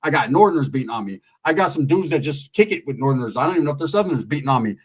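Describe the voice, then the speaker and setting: Animated, profane male storyteller. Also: mid-range voice, rapid-fire, breathy edge, poor audio. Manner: animated, profane, rambling with "right?" tags.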